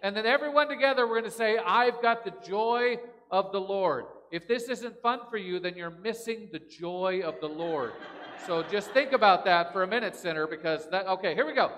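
Upbeat male pastor for a kids' sermon, bright and high, church reverb. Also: brisk, slight background noise. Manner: jokey, upbeat, chanting call-and-response. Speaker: pastor leading a children's talk. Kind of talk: playful children's message in church. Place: large church sanctuary. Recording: long reverb of a big church.

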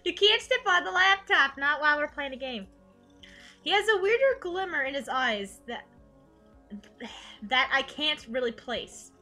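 A woman's voice: sits high, unhurried, faint music behind. A woman playing a visual novel with her sister, reading narration and joking casually. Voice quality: animated, joking. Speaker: let's play host. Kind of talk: casual chat while narrating a game.

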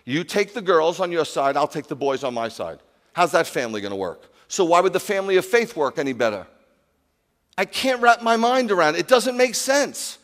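A man preaching a sermon as rabbi, animated, swinging from loud exclamations to quiet asides. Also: a little high, a little fast, big-room sound.

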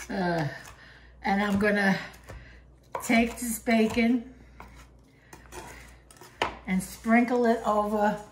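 A woman's voice: mid-range voice, fairly even intonation, very slow, pauses often, reverberant, background noise. An older woman giving a chatty, homey cooking demonstration in her kitchen, with chuckling asides. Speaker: home cook.

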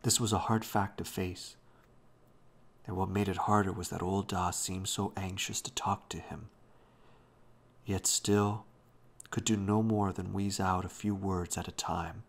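A man slowly reading a children's novel aloud as a bedtime story at home, often hushed. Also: low voice, steady tone, gravelly. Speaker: reader.

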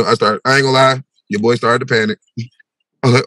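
A young man telling a wild personal story on a podcast, animated and full of slang, acting out his own voice with big swings in pitch. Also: fast talker, dry recording. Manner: slangy, repeats "bro" and "yo".

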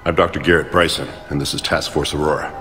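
An actor playing an older male scientist who leads a research task force, explaining in an earnest, measured way. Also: a bass voice, flat delivery, over music. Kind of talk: video game dialogue.

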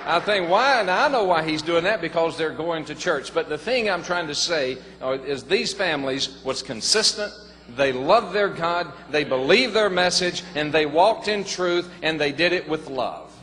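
An older man, telling his conversion story to a congregation in a folksy, earnest way, often rising to excited emphasis. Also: on the high side, normal speed. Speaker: former pastor giving a testimony. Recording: long hall reverb, faint noise.

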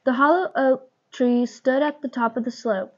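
A young woman reading a children's storybook aloud with expressive delivery. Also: high-pitched, moderate pace. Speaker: reader. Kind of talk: reading a picture book aloud. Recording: dull lo-fi recording.

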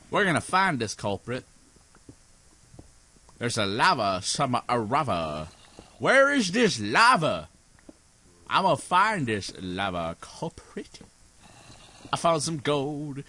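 Young male gaming host, sleepy and goofy, rambles slowly in a bright voice. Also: medium pitch, huge pitch swings. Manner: goofy, rambling, sings snippets and silly voices. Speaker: gaming YouTuber. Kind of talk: let's play commentary.

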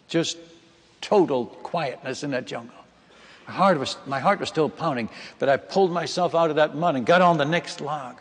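A man's voice: fairly high pitch, expressive, moderate pace, a bit bright, breathy edge. A man from the Netherlands, a missionary preacher telling a dramatic testimony in a sermon and speaking directly to his listeners. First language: Dutch. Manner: emphatic, dramatic retelling that addresses the audience as friends and folks. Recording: reverberant hall.

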